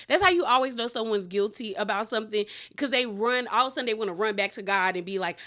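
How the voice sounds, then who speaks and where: A woman's voice: mid-range voice, fast, hardly any pauses, bright, forceful tone. A woman recapping a reality TV episode in a sassy, slangy way, with mocking asides. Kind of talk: casual reality show recap.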